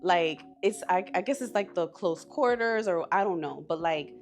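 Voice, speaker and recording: A woman's voice: on the low side, expressive, normal speed, hardly any pauses, faint music behind. A woman co-hosting a podcast, complaining in an exasperated, swearing, casual way. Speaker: podcast co-host. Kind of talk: casual group chat.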